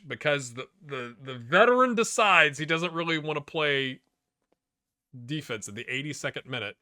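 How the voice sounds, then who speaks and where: Here the same kind of excitable, middle-aged YouTuber talks straight to his on-screen footballers while playing a management game. His voice sits on the high side at a moderate pace, recorded cleanly in a studio with no echo.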